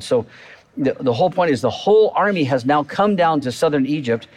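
A man's voice: expressive, fairly quick. A man preaching a sermon in a conversational way, full of fillers and restarts, acting out quoted voices. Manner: acts out quoted voices with rising pitch. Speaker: pastor.

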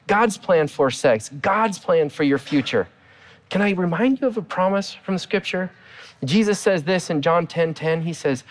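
Middle-aged guy pastor giving a sermon, kinda higher voice, earnest, swings up and down a lot. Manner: earnest, rises and drops in pitch for emphasis.

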